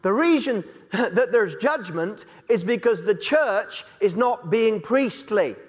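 A higher-voiced man with a Yorkshire accent preaches with the long reverb of a large hall around him. He talks conversationally and slips into different voices to act out small scenes. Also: animated, slow pace. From Yorkshire, England. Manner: conversational, acts out little dialogues in different voices. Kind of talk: sermon.

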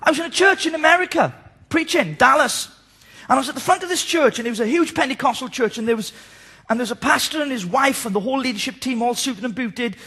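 A man preaching a sermon, animated and telling stories as he mimics people. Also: extremely high pitch, quick pace, slightly rough. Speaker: pastor.

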